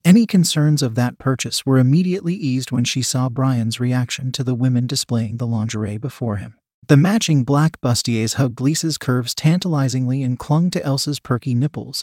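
A male narrator reading an audiobook in a steady, even way. His voice sits at a middle pitch and is recorded dry and close, with no room sound. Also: normal speed, no echo. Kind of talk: audiobook reading of an adult story.

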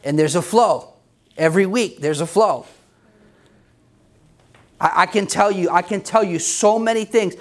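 A man's voice: sits high, measured pace, pauses often. A middle-aged male pastor preaching an emphatic, conversational sermon with self-deprecating humor.

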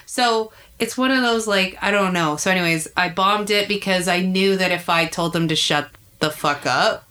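A woman's voice: on the low side, moderate pace. A woman comedian in her thirties telling candid, profane stories in a casual chat. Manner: candid, profane, animated storytelling. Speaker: comedian guest.

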